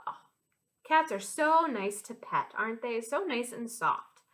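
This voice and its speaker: A young American woman, a children's librarian, leading a storytime for small children in an animated, sing-song and encouraging way. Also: on the high side, unhurried.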